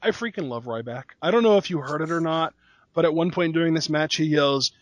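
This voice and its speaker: A man's voice: on the high side, brisk, no echo. A man co-hosting a casual wrestling recap podcast, speaking in a wry, laid-back way. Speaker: podcast co-host.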